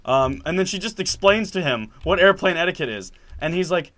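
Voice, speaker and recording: Animated young man telling a story. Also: a little high, brisk, few pauses. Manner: animated storytelling, acts out quotes loudly. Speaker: storyteller in a casual chat. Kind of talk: casual chat.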